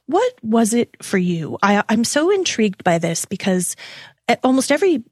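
A woman, hosting a podcast interview in a bubbly, excitable way and laughing often. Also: on the high side, moderate pace, no room sound, clean studio sound. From Canada. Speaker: podcast host. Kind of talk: casual interview chat.

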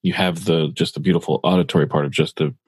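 A man co-hosting a casual podcast, his voice low and somewhat husky. He wanders through his thoughts with plenty of fillers and restarts. The sound is dry and close to the mic. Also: fairly even intonation, quick pace, no room sound. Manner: rambling, many fillers and restarts. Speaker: podcast co-host.

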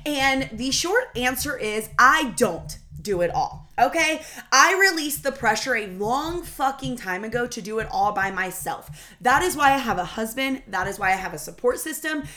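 Solo podcast host, thirties; bright, forceful delivery, casual and cussing. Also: female voice, a little high, normal speed. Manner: chatty, profane, animated, Southern-tinged "y'all".

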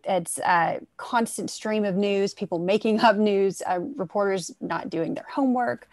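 A woman, a panel guest, explains her views in a measured way with frequent fillers during an online discussion. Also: mid-range voice, a little mellow, no room sound. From United States.

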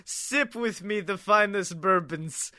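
A man voicing a grand, welcoming ghostly male spirit of the sea in a high, sing-song, showy voice. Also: slow pace, sharp tone, no room sound, clean studio sound, exaggerated voice. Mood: grandiose.

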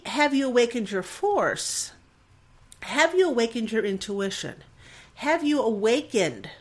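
An emotional woman in her forties hosts a podcast in a casual, reflective monologue. She speaks earnestly and circles back on her thoughts, often restarting her sentences. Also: a little high. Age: 40s. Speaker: podcast host.

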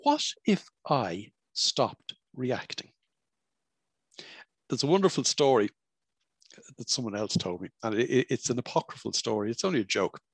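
A man's voice: mid-range voice, expressive, normal speed, long pauses, husky, no echo. A man hosting a self-help podcast, who teaches in an emphatic, repetitive, preacherly way. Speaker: podcast host.

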